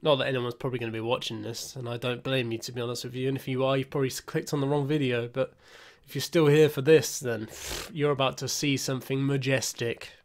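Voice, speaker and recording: A young man giving casual, self-mocking commentary while playing a football management game, muttering asides and breaking into excited outbursts. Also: medium pitch, quick pace, few pauses. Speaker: gaming YouTuber.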